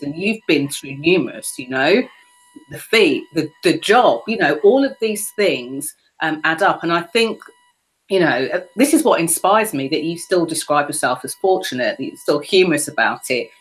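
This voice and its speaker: A woman's voice: sits low, lively intonation, moderate pace, rough recording. A woman hosting a podcast interview, telling a personal story in a reflective, conversational way. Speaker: podcast host.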